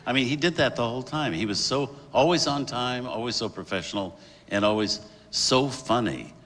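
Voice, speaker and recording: A man's voice: mid-range voice, normal speed, a bit bright. A man, formerly a TV host, giving an earnest tribute speech with small hesitations. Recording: hall reverb, faint audience.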